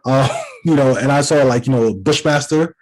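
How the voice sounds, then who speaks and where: A man's voice: mid-range voice, normal speed, poor audio. A man raised in the Caribbean co-hosting a podcast, chatting casually and rambling with lots of fillers and restarts. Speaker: podcast co-host. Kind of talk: casual chat.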